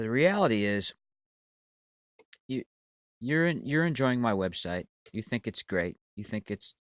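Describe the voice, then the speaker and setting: Low-voiced man ranting with a head cold. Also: no room sound. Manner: profane, rambling, stammering retort to a commenter. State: congested with a sinus cold. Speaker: channel owner. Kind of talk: ranting monologue.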